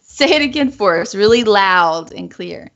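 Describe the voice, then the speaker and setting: Woman, casual stream host, rambling and giggly, gravelly edge, dull lo-fi call audio. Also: medium pitch, lively intonation, moderate pace, a bit bright. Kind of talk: casual group livestream chat.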